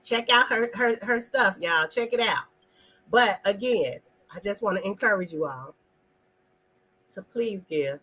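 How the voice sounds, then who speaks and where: A woman's voice: medium pitch, lively intonation, a little slow, bright, forceful tone, slightly rough, poor audio. A woman hosting an online live talk, speaking emphatically in a casual, preachy way and addressing viewers in the chat. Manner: emphatic, preachy, asks the audience questions; talks directly to viewers in the chat.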